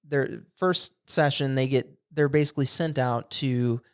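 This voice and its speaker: A man's voice: medium pitch, fairly even intonation, measured pace, smooth. A man co-hosting a podcast, casually telling a rambling story and acting out quotes. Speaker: podcast co-host. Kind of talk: casual chat. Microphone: studio microphone.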